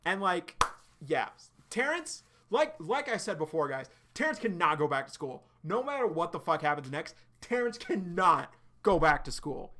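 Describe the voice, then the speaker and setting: Excitable man with a bright, lively voice. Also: high-pitched. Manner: excited, swearing, speculating. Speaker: streamer. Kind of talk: live reaction stream.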